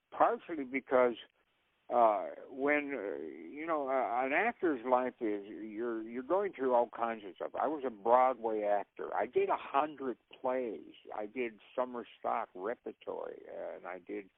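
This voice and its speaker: An older man with a gravelly voice tells rambling stories, laughing often. He is heard over a thin, tinny phone line. The sound is dry, with no room around it. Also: mid-range voice, wildly swooping pitch, measured pace, dry recording. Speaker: actor guest. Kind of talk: casual anecdotes.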